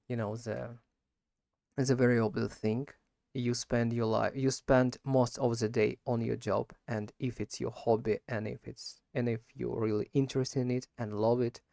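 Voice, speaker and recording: A man who is not a native speaker of English, talking his way through practice questions, halting and correcting himself as he goes. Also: mid-range voice, gravelly, a little mellow, dry recording, clean studio sound. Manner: halting, frequent self-corrections and repeats. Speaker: language learner practicing speaking. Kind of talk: unscripted spoken practice monologue.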